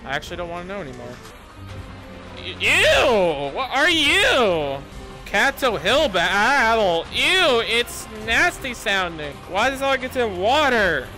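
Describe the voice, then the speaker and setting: Horror game streamer, headset mic, slow drawl, swings up and down in pitch, curses a lot, game music behind. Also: big pitch swings, sharp tone. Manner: swears freely, shrieks when startled. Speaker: live streamer.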